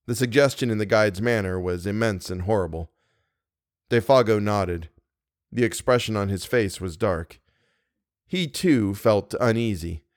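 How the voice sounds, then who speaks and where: A man reading a horror story aloud in a measured, grave way. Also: on the low side, dry recording, studio quality. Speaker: podcast narrator. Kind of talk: scripted narration of a horror story.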